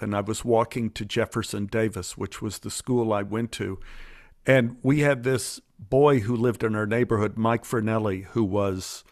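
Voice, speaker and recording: A man in his sixties from Dallas, telling stories from his life in an animated, conversational way as an interview guest. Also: mid-range voice, no echo, clean studio sound. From Dallas, Texas. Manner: animated, acts out remembered voices. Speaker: guest storyteller. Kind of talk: conversational storytelling.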